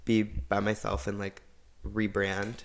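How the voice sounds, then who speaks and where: A man's voice: fairly low pitch, monotone, a little slow. A young man co-hosting a podcast in casual chat, peppering his talk with "like" and "literally" and laughing often. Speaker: podcast co-host.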